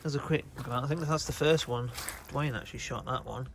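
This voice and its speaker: A man's voice: mid-range voice, fairly quick, vocal fry, very noisy. Chatty man outdoors at night. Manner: chatty, wry, fond of mild swearing. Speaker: host. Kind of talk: casual outdoor commentary.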